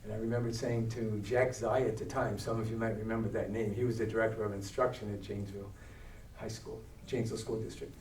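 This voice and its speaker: A man's voice: on the low side, fast, roomy sound, recorded from a distance, a little hiss or hum, poor audio. Older New York man telling stories. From Brooklyn, New York. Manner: animated, acts out the voices of people in his stories. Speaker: guest speaker. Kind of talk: storytelling talk. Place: church hall.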